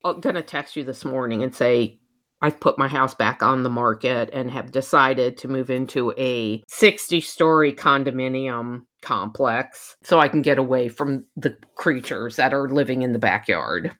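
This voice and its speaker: A middle-aged woman co-hosting a podcast in casual chat, telling animated stories with a lot of swearing. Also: rumbling low, normal speed. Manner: animated storyteller, swearing, shrieking when retelling scares. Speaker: podcast co-host.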